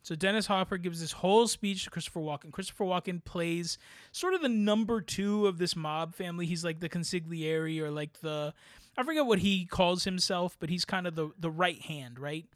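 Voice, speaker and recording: A man with a fairly high voice talks through a film review in loose, animated podcast chat. He rambles, stacks up rhetorical questions and keeps checking in with "right?". The sound is dry and close, with no room around him. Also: moderate pace, no room sound. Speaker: podcast co-host. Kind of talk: casual movie review chat.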